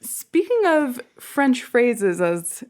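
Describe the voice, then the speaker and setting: A woman's voice: on the high side, very animated, drawn-out words, darkish tone. Chatty young woman telling stories. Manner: chatty storyteller, acts out quoted people, laughs often. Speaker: podcast co-host. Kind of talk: casual chat.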